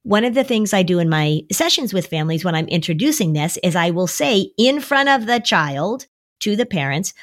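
A middle-aged woman, a therapist, talking on a podcast, animated and coaching, sometimes jumping into a high voice to mimic a child. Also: normal speed. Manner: animated, acts out worried kids in a high voice. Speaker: anxiety therapist and podcast co-host. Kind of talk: podcast conversation.

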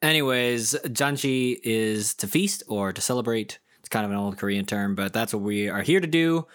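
A young man co-hosting a podcast in casual chat, relaxed and joking. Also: fairly low pitch, normal speed. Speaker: podcast co-host.

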